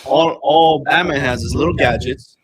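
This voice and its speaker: A young man co-hosting a casual podcast chat, animated and profane, joking with friends. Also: medium pitch, moderate pace, crowd noise, poor audio. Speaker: podcast co-host.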